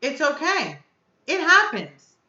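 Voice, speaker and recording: A woman's voice: high-pitched, huge pitch swings, slow pace, bright, forceful tone, reverberant, dull audio. A woman hosting her own live stream as a reviewer, upset and blunt, venting and cursing as she speaks to her chat. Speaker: vape reviewer and channel host.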